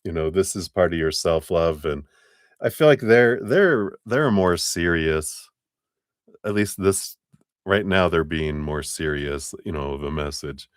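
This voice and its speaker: A man's voice: sits low, a little slow, smooth, no echo, studio quality. A man giving a live tarot reading, chatty and rambling, often breaking into laughter. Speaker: tarot reader.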